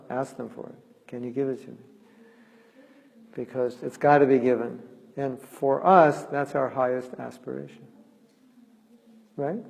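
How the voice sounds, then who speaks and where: A man lecturing devotionally retells a sacred story, acting out the quoted lines. His medium-pitched voice is gravelly with a darkish tone, and the audio is poor with a big-room sound.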